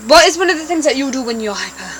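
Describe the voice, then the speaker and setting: A woman's voice: high-pitched, expressive, rapid-fire, a bit bright, a little hiss or hum, rough recording. A woman chatting casually to camera as a vlogger, bossy and talkative toward her brother.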